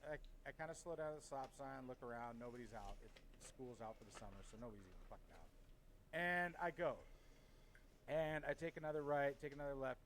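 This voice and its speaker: A middle-aged man from Washington State telling a story in a casual podcast chat, heated, swearing often, and animated. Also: medium pitch, brisk, a little hiss or hum, poor audio. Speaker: podcast co-host.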